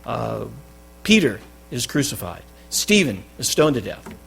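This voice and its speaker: A man preaching a sermon as pastor, with loud stressed phrases that drop to quiet endings. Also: mid-range voice, very animated, a little slow, vocal fry, a little hiss or hum. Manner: emphatic, swinging between loud stresses and quiet drops. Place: church.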